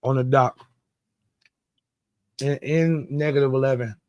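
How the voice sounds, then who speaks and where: A man co-hosting a podcast, telling a story in casual chat, animated and indignant, swearing freely. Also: medium pitch, unhurried, dry recording, dull audio. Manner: animated, indignant, heavy profanity. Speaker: podcast co-host.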